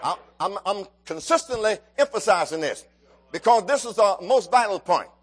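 A man's voice: high voice, lively intonation, moderate pace. A man preaching a sermon, rising and falling in emphasis and calling out to his congregation.

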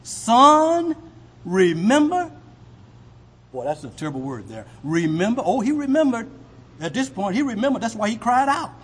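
High, lively husky male preacher. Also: fairly quick. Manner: rhetorical questions to the congregation. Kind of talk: sermon. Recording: long hall reverb.

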